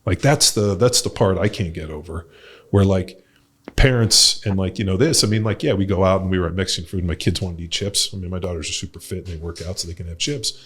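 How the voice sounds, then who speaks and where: A man's voice: low-pitched, fast, a bit bright, husky. A middle-aged man hosting a podcast, talking in a loose, rambling way with lots of fillers and blunt swearing. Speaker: podcast host and coach. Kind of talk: casual podcast chat.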